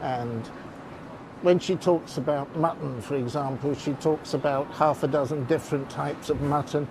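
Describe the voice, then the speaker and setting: A man's voice: a little high, fairly even intonation, moderate pace, noisy background. A man, a chef and food writer, talking passionately and emphatically in an interview, repeating words as he presses a point.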